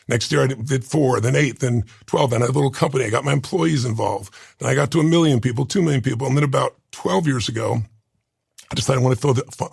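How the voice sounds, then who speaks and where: A man's voice: mid-range voice, no echo, clean studio sound. A man in his sixties telling an emotional personal story as an interview guest, earnest and intense. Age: 60s. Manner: earnest, intense, rough gravelly voice, moved to tears.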